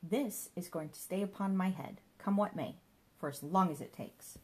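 A woman's voice: lowish voice, normal speed, a little mellow, husky. A woman voicing a flustered, paranoid young man in a storybook reading. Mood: defiant.

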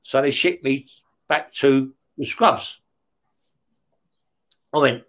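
A man's voice: medium pitch, takes it slowly, a bit bright. A middle-aged man telling stories in an interview, swearing constantly, laughing as he goes and checking in with "yeah?". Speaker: interview guest, former career criminal. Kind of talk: storytelling in an interview.

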